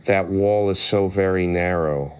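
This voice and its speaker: A man's voice: sits low, a little slow, darkish tone, clear, resonant tone, lo-fi sound. Alice, a man reading a polite little girl. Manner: polite and earnest. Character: polite, curious seven-year-old girl.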